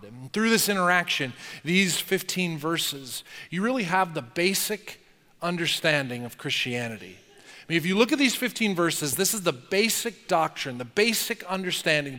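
A man preaching a sermon as pastor, animated, acting out incredulous questions and dropping low for quotes. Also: moderate pace. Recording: long hall reverb.

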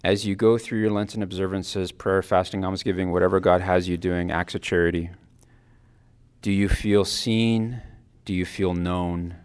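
A man giving a personal devotional talk, earnest and reflective, his phrases often trailing off softly. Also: sits low, steady tone, moderate pace, smooth. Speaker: Christian speaker giving a Lenten reflection.

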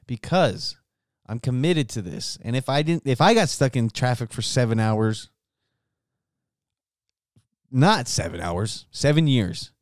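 Male solo podcast host, erratic self-mocking rambler, smooth resonant voice, dry close sound. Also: medium pitch, animated, unhurried, long pauses, no echo. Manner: erratic and self-mocking, swinging between mumbling and outbursts. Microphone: studio microphone.

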